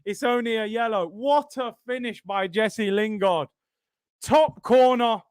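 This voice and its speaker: A young man streaming a live football watchalong, reacting excitedly, shouting at big moments and bantering with his chat. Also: high-pitched, measured pace, clean tone, no echo, clean studio sound.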